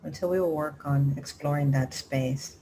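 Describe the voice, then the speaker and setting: A woman meditation teacher giving a gentle, measured mindfulness talk, pausing often with soft ums. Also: low-pitched, steady tone, slight background noise, low-quality recording. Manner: soft-spoken, measured, frequent pauses and ums.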